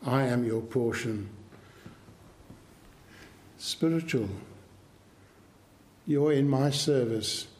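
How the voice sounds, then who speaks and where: Male preacher, slow and measured, emphatic sermon delivery, echoey church room. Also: mid-range voice, darkish tone.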